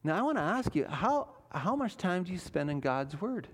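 A male pastor delivering an earnest sermon with a lively, swinging delivery. His voice sits a little high for a man, and he leans hard on key words and throws rhetorical questions at the congregation. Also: moderate pace, slightly rough. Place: church.

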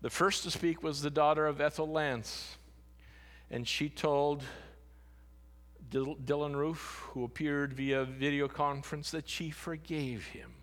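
A man preaching a sermon as pastor, earnest and solemn, often dropping to a hushed voice. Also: a little high, steady tone, a little slow. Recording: long hall reverb.

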